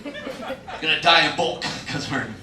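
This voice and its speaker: A man with a fairly high voice does stand-up on a comedy club stage at normal speed, voicing the characters from his stories. Loud crowd laughter fills the echoey room, and the mic is far away.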